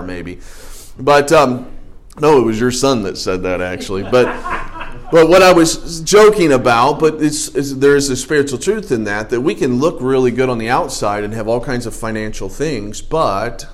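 A man's voice: medium pitch, moderate pace. A man, a pastor, preaching a casual, folksy sermon full of jokes, asides and restarts. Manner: folksy, joking, conversational preaching with many restarts.

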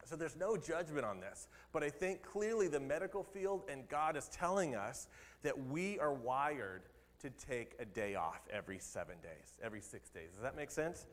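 Pastor preaching in a reverberant church hall. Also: male voice, medium pitch, lively intonation, moderate pace. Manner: conversational, laughs at his own jokes. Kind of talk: sermon.

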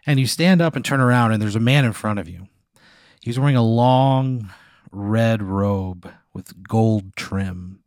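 A man narrating an improvised story as game master, with vivid, deadpan description. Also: fairly low pitch, a little slow, dry recording, studio quality.

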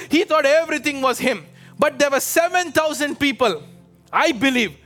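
A man with a high, bright voice preaches a fervent sermon, calling out to his congregation and pressing them to answer. Soft music runs underneath his voice. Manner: fervent, exhorting, calls out to the congregation. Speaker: pastor. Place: church with a live congregation.

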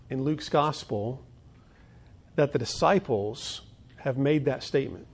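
A pastor preaching a sermon earnestly, asking the congregation rhetorical questions and building up to emphatic declarations. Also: male voice, fairly high pitch, darkish tone.

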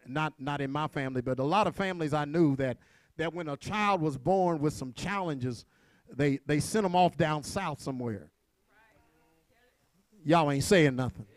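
A man preaching a sermon to his congregation, with call-and-response, shouted peaks and quiet asides. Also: a little high, no echo. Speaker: pastor.

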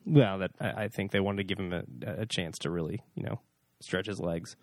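A man's voice: deep voice, fairly even intonation, a little fast, dry recording, clean studio sound. A man co-hosting a podcast in casual chat, playful and punning, with lots of fillers. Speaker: podcast co-host.

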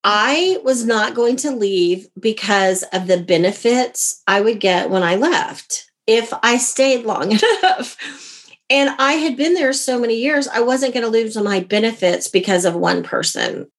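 A woman's voice: a little high, unhurried. A woman, a guest and author from America, telling a personal story in an interview and acting out the dialogue. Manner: animated, acts out quoted dialogue.

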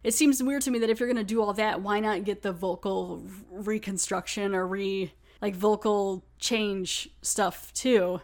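A woman's voice: medium pitch, steady tone, measured pace, few pauses, a little mellow. A young woman hosting a podcast, recapping a TV episode in loose, chatty conversation. She laughs often and leans on "like" as she retells scenes. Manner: chatty, laughs, many "like" fillers. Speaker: podcast host. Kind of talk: casual episode review.

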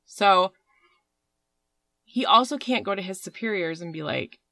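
A woman's voice: medium pitch, lively intonation, a little slow, vocal fry, long pauses, sharp tone, no room sound. A woman hosting a podcast, telling a story in a rambling, casual way with fillers and swearing. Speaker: podcast host.

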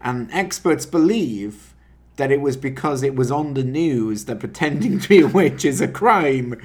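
A man's voice: mid-range voice, animated. Wry man chatting through news stories. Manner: wry, laughs often, halting with fillers. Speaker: podcast co-host. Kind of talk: casual chat reading news stories.

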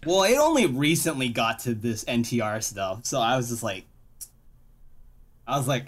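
Animated young man ranting, swearing freely. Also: mid-range voice, normal speed, pauses often. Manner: animated, profane ranting with loud exasperated outbursts. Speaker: podcast co-host. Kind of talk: casual chat.

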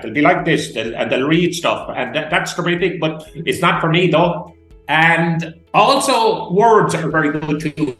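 A man's voice: sits high, fairly bright tone, echoey room, low-quality recording. An Irish man, a public speaking coach, talking enthusiastically and emphatically in a podcast interview. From Ireland. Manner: enthusiastic, emphatic, demonstrative pauses.

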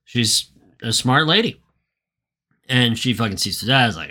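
A man's voice: medium pitch, sing-song, moderate pace, pushed and bright. A young man co-hosting a podcast, retelling a movie in a casual, profane, joking way and acting out quotes. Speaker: podcast co-host.

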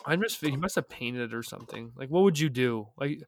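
A man's voice: medium pitch, expressive, a little fast. A young man from Calgary co-hosting a podcast, telling a story casually with lots of "like" fillers and some irritation. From Calgary, Canada. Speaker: podcast co-host. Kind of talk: casual chat.

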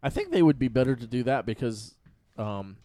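A man co-hosting a casual movie chat, relaxed and hesitant, with many pauses and ums. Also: medium pitch. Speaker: podcast co-host.

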